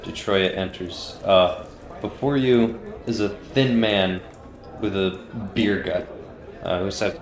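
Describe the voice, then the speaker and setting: A man's voice: sits low, slow. A man narrating as game master in a casual, joking way. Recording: roomy echo.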